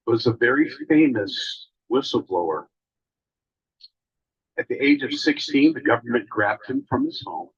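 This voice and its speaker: A man with a husky, slightly breathy, mid-range voice of fairly bright tone gives a spiritual talk to a gathering. He speaks emotionally and haltingly, with frequent long pauses. The recording sounds dull and lo-fi.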